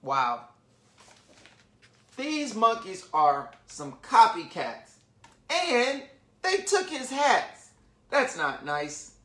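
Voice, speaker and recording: Guy reading a picture book to little kids, slow and bouncy, lots of chatty asides, echoey room. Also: high-pitched. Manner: animated, chatty asides to young listeners. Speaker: children's book reader, literacy founder. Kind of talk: children's storybook read-aloud. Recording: roomy echo.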